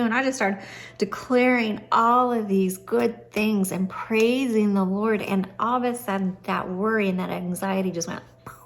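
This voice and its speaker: A woman's voice: mid-range voice, steady tone, moderate pace. A middle-aged woman telling a personal faith story in a chatty, earnest way, with frequent ums and restarts. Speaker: Christian vlogger. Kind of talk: personal testimony, casual storytelling.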